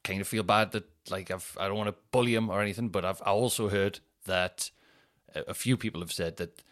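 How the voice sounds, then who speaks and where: Low-voiced man telling a rambling story. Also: steady tone, fairly bright tone. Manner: rambling storyteller, quick restarts, acts out quotes. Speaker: podcast host. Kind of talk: casual anecdote telling.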